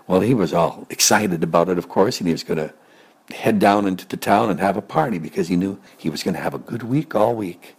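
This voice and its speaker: A man with a low, husky voice spins an improvised tale. His delivery is rambling and gentle, and now and then it sinks to a soft near-whisper. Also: a little fast. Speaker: storyteller. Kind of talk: improvised spoken storytelling.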